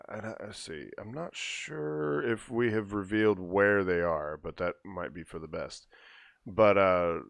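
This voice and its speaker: A man hosting a podcast, explaining tech news to his co-hosts in a relaxed, casual way. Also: fairly low pitch, gravelly, no room sound, studio quality. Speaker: podcast host. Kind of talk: casual chat.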